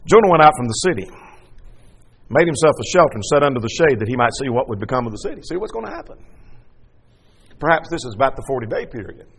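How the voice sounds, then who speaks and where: A man preaching a sermon, reading scripture aloud and explaining it, rising into loud dramatic lines and falling to quiet asides. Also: fast talker, long pauses, slightly rough, in a large hall. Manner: expressive, acts out scripture with rising pitch and drops to quiet asides.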